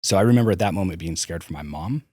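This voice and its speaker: Low-voiced man telling hard stories. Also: lively intonation, racing, a little mellow, no room sound, studio quality. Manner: frank, swears, hesitant restarts. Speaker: podcast guest. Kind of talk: candid personal storytelling.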